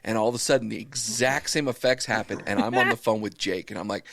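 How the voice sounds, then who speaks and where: A man's voice: mid-range voice, fast, vocal fry, few pauses, no room sound. A middle-aged man tells a crude story on a podcast and keeps breaking into laughter, swearing as he goes. The recording is dry and close, with almost no room sound. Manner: profane, laughing, animated storytelling. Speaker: podcast co-host.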